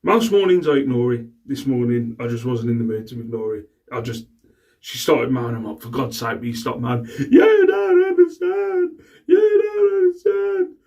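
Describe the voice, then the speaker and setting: Man, middle-aged, rambling vlog chat, mid pitch, set back from the mic. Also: a little fast, darkish tone, recorded from a distance, muffled recording. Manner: rambling, exasperated, swears freely. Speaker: reseller vlogger.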